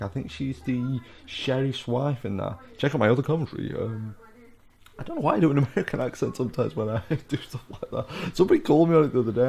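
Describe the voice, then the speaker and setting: Brief: British man, middle-aged, gravelly, rambling casual film commentary. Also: medium pitch, warm tone. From United Kingdom. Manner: rambling, full of fillers and asides.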